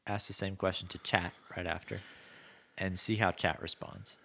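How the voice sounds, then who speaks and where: A man's voice: deep voice, steady tone, normal speed, vocal fry, bright, forceful tone. A man co-hosting a podcast, chatting casually and enthusiastically about gadgets. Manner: enthusiastic, acts out quoted voices. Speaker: podcast co-host. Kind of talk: casual chat.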